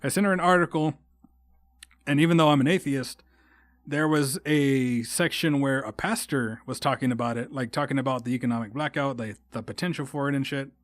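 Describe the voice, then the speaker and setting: This young Texan man hosts a solo podcast, rambling and swearing heavily in a casual rant that frequently gets heated. He has a mid-range voice and a brisk delivery, captured in a dry recording.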